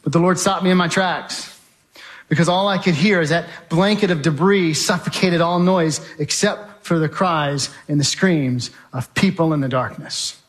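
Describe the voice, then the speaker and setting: A man's voice: fairly high pitch, moderate pace. A man giving a testimony as dramatic storytelling, vivid and emphatic, speaking straight to his audience.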